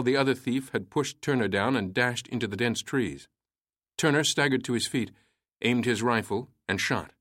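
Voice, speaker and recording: A man reading a historical story aloud in a measured storytelling manner. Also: fairly low pitch, fairly bright tone, dry recording, clean studio sound. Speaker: narrator. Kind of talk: scripted narration.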